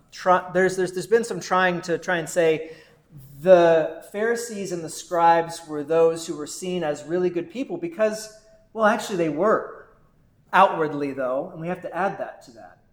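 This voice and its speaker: A man with a high voice preaches a sermon as a pastor, earnest and conversational, and he often turns to his listeners with rhetorical questions. His voice rings in an echoey room.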